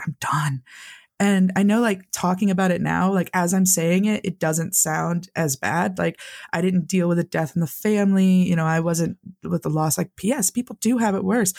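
Male interview guest, gravelly, earnest and candid, heavy on "like" fillers. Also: sits high, moderate pace, a little mellow. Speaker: interview guest, Navy veteran. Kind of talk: candid personal storytelling.

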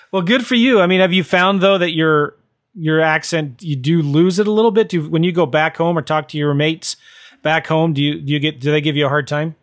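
A man's voice: a little high, moderate pace. Upbeat male podcast host. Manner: chatty, upbeat, promotional. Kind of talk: podcast interview and self-promotion.

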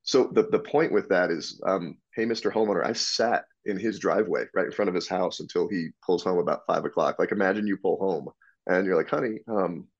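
A man telling stories as a podcast guest, animated and frank, acting out dialogue and swearing freely. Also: low-pitched, a little fast, husky. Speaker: podcast guest, business owner. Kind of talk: casual interview storytelling. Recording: dull lo-fi sound.

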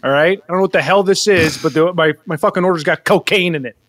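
A man's voice: a little high, quick pace, fairly bright tone, dry recording. A man doing an improv comedy sketch, indignant and ranting.

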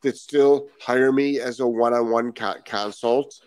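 A man's voice: mid-range voice, fairly even intonation, unhurried, darkish tone, clear, resonant tone. A man from Rhode Island, a dog trainer hosting a live stream and reading out viewer comments, talking emphatically, repeating key phrases and asking rhetorical questions.

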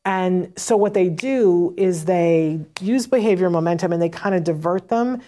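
A woman giving a casual teaching talk for parents, conversational and often checking in with "right?", acting out short exchanges in a lively voice. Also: fairly low pitch, normal speed. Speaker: parent educator on autism teaching.

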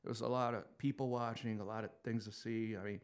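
A man in his fifties from Queens with a New York accent, the guest in a casual conversation, telling relaxed stories with frequent chuckles. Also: on the low side, quick pace, clear, resonant tone.

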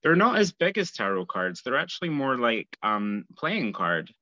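A man's voice: medium pitch, very animated, moderate pace, sharp tone, no echo, muffled recording. A man with a Scottish accent, a guest fortune teller talking through things in a casual, easygoing interview. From Scotland. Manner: easygoing, explanatory, with light laughs.

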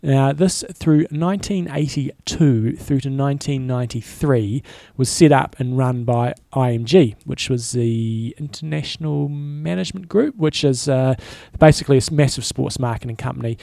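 A man co-hosting a casual podcast, rambling in a relaxed way with frequent restarts. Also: mid-range voice, normal speed, gravelly, hardly any pauses, no room sound. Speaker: podcast co-host. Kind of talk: casual chat.

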